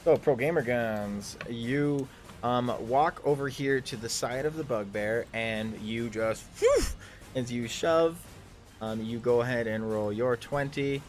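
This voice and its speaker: A man's voice: mid-range voice, measured pace, a little hiss or hum. A man narrating a tabletop game as game master in a loose, rambling way, full of ums and restarts.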